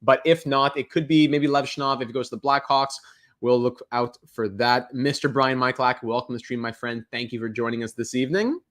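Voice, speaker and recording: A man's voice: medium pitch, fairly even intonation, a little fast, fairly bright tone. A young man hosting a live reaction stream, chatting and reading viewer comments aloud. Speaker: livestream host.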